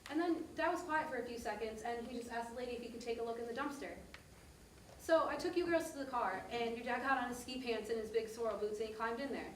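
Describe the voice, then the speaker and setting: A woman's voice: on the high side, slight background noise, natural voice. A woman playing a mother telling a family story. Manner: fast, detailed storytelling. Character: mother recalling a family trip, warm and detailed. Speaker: narrator. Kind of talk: stage monologue. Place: theater stage. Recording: echoey stage heard from a distance.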